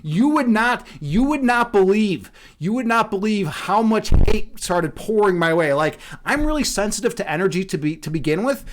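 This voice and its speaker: A man's voice: high-pitched, expressive, normal speed, hardly any pauses. A man chatting casually on a livestream, rambling and profane, laughing often. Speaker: streamer.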